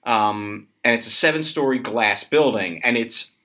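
A man's voice: mid-range voice, measured pace, pushed and bright. A middle-aged man co-hosting a podcast, talking in a rambling, enthusiastic way. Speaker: podcast co-host. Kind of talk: casual chat.

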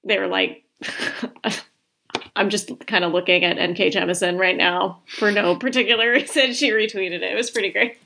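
A woman's voice: mid-range voice, normal speed, creaky. A woman co-hosting a podcast in casual chat, telling stories with frequent giggles. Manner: giggly, lively storytelling. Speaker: podcast co-host.

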